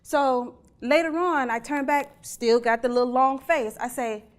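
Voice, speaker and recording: A woman delivers a keynote talk in a chatty, earnest way. Her voice sits high, and she keeps turning to the audience with questions. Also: fairly even intonation, a little slow. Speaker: keynote speaker.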